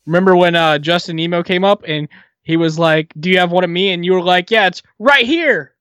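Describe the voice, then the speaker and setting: Casual co-host, quick interjections, dry sound. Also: medium pitch, flat delivery, clean tone, no room sound. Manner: chatty, interjecting, swears casually. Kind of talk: casual chat.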